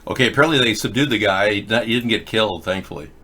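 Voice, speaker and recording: Older male host, low bright voice, rambling opinionated commentary, loose and unscripted. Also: quick pace. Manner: rambling, opinionated, with restarts and fillers. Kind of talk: casual commentary on video clips.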